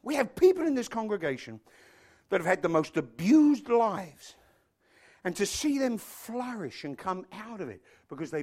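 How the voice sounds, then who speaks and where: A man's voice: on the high side, a little mellow. A male pastor preaching a sermon in an impassioned, emphatic way, breaking off into self-deprecating asides.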